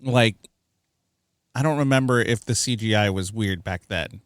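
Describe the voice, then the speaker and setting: A man co-hosting a film review podcast, talking in a chatty, animated way with plenty of fillers. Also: on the low side, moderate pace, no room sound, clean studio sound. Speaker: podcast co-host. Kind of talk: casual film review chat.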